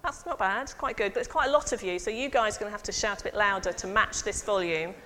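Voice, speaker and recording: A woman priest giving a lively sermon and involving her congregation. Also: mid-range voice, quick pace. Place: church. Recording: long church reverb.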